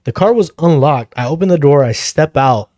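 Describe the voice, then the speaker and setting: A young man with a dark, mellow voice spins a casual podcast story, relaxed and loose, cursing freely and chuckling along. The recording is dry and close, with no room sound around him. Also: fairly high pitch, brisk, dry recording. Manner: laid-back, swears freely, chuckles through the story. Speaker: podcast host.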